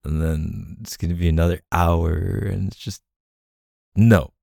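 Low gravelly young man, boyfriend role-play. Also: steady tone, unhurried, no room sound, clean studio sound. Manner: soft-spoken, coaxing, filler-heavy.

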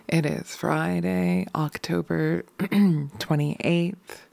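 A woman in casual morning chat, tired and still in her morning voice, chatty and quick to laugh. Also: sits low, vocal fry, a little mellow, no echo. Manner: chatty, laughs often, drifts into whispers. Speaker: vlogger.

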